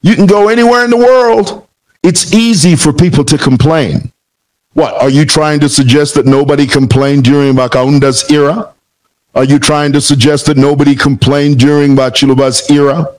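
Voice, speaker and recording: A man's voice: fairly high pitch, steady tone, moderate pace, a little mellow, poor audio. A man from Zambia giving a heated reaction commentary, combative and rhetorical, repeating phrases for emphasis. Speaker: political commentator.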